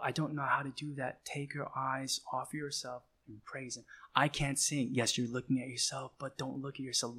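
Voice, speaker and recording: Slow, emphatic male preacher. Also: medium pitch, fairly bright tone. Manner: emphatic, repeats phrases, slow deliberate delivery. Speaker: pastor. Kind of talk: sermon.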